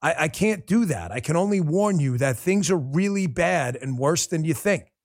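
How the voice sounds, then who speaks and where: A man's voice: a little high, animated, moderate pace, no echo, studio quality. A man hosting his own talk show, delivering a passionate, blunt monologue with casual swearing. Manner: impassioned, blunt, swears freely. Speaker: show host.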